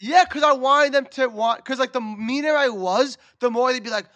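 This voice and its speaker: A man with a strikingly high voice chats on his podcast, spinning a loud, foul-mouthed story with lots of energy. His voice sounds close and dry, with no room around it. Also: normal speed, dry recording, dull audio. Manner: animated, profane storytelling. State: recovering from a lost voice. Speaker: podcast co-host. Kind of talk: casual chat.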